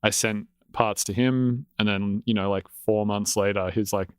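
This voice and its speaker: Laid-back low-voiced man, rambling casually. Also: steady tone, moderate pace, smooth, dry recording, studio quality. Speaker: electronic music producer. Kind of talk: casual podcast conversation.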